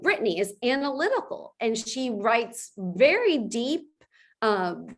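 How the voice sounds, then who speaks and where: A woman in her forties giving a motivational training talk to her sales team, passionate and fiery in how she speaks. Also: on the high side. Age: 40s. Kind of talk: motivational presentation.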